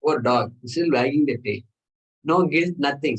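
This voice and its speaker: A man's voice: medium pitch, normal speed, husky, poor audio. Male scripture teacher, patient explanatory lecturing, repeats his phrases, mid-range voice. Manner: explanatory, repetitive phrasing with Sanskrit terms.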